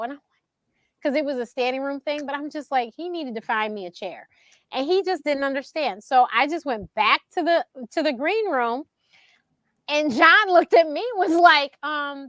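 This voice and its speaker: Woman, high voice, bright and punchy, dry close sound, animated casual storytelling, laughs a lot. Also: normal speed, no echo. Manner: animated, acts out quotes in a higher voice; laughs often mid-sentence. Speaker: show host being interviewed.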